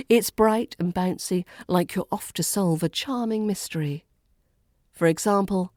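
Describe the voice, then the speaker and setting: British RP woman, accent coach, unhurried delivery, repeats each phrase twice, low-ish voice. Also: darkish tone, no room sound, clean studio sound. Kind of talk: scripted accent lesson.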